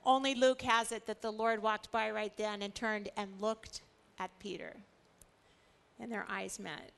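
A woman teaching a Bible study in a lively way, acting out the stories she tells. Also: mid-range voice, a little slow, gravelly, smooth. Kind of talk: animated scripture teaching.

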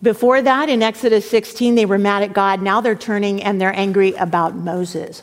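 A woman preaching a sermon, reading scripture dramatically and emphatically, with sudden hushed drops. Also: mid-range voice, fairly even intonation, normal speed, hardly any pauses. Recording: long hall reverb.

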